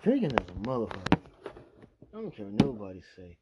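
A man's voice: on the low side, animated, a little fast, slightly rough, lo-fi sound. A young man vlogging, telling a rambling, profane drinking story and laughing at himself. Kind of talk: casual storytelling monologue.

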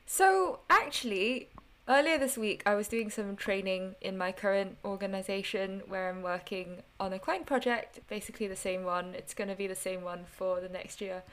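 A woman's voice: medium pitch, moderate pace. A woman with a slight accent, a podcast guest earnestly explaining ideas in casual conversation. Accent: slight non-native accent. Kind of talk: casual chat.

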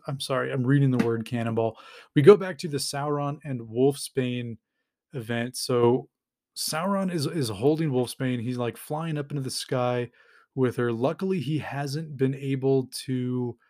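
A man hosting a podcast, casually retelling a comic storyline with lots of fillers and brief acted-out character lines. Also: mid-range voice. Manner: animated retelling with quick put-on character voices, many fillers. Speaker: podcast host recapping comics.

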